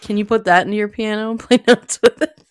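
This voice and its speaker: A woman's voice: medium pitch, steady tone, fast, smooth, dry recording. A woman co-hosting a casual show, telling stories in a laid-back, giggly way. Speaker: podcast co-host. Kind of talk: casual chat.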